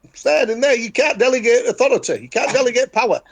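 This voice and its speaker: A man with a broad Yorkshire accent, speaking high for a man. He talks in a blunt, insistent way, repeating short declarations for emphasis in a casual chat. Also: lively intonation, fast talker.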